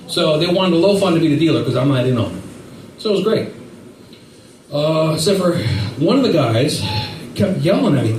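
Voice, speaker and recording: Guy doing standup, high-ish voice, rambling stories, roomy and far from the mic. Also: brisk. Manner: rambling, animated storytelling with silly voices. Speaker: stand-up comedian. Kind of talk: stand-up comedy set. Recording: echoey room from far off with faint noise.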